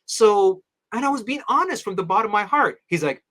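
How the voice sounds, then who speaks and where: A man's voice: high-pitched, a little fast. A middle-aged man, an Orthodox priest, telling a personal story in an interview, acting out the people he quotes. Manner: animated storyteller, acts out quoted voices.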